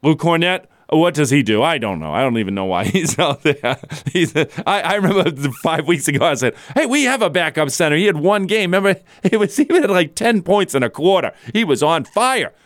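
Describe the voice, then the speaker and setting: A man's voice: a little high, lively intonation, brisk, no room sound, clean studio sound. A man hosting a sports talk radio show, delivering a blunt, opinionated monologue and chuckling as he goes. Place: radio studio.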